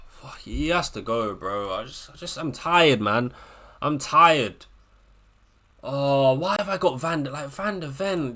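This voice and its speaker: A man hosting a live fantasy football watchalong, talking casually, swinging between low mutters and loud frustrated rants, often repeating himself and swearing. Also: lively intonation, takes it slowly, pauses often. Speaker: livestream host.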